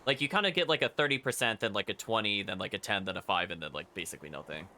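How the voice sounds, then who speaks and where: A man's voice: lowish voice, rapid-fire, bright, forceful tone, slight background noise. A man streaming a video game, talking through his choices in a chatty, analytical way on a headset mic. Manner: chatty, analytical, uses fillers like 'like'. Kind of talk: casual gameplay commentary. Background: game music.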